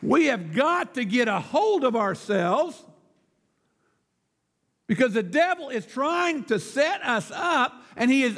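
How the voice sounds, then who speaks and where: A man's voice: very high voice, fairly bright tone. A male pastor preaching a sermon, emphatic and declamatory, firing rhetorical questions, with long church reverb.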